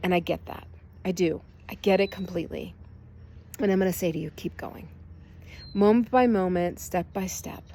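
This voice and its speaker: A woman's voice: on the low side, a little fast, dark tone. An older woman, a spiritual healer, giving a casual and earnest energy update in short, reassuring phrases.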